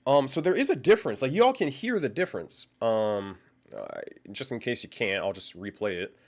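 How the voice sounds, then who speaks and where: A man's voice: medium pitch, animated, normal speed. A young man hosting a live stream, chatting loosely with his viewers, thinking aloud, swearing and laughing often, speaking into a condenser microphone. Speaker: livestream host. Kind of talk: casual live-stream chat.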